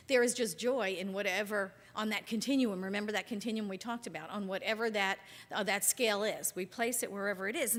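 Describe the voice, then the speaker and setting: A woman minister preaches in a loose, chatty style and keeps checking in with her listeners. Her voice sits fairly high for a woman. A long hall reverb trails behind every phrase. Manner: conversational and animated, asks the congregation questions. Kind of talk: sermon.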